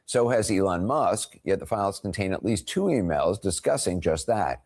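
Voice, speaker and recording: Deep-voiced male news anchor. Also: lively intonation, a little mellow. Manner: measured, formal newsreader delivery. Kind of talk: scripted broadcast news report.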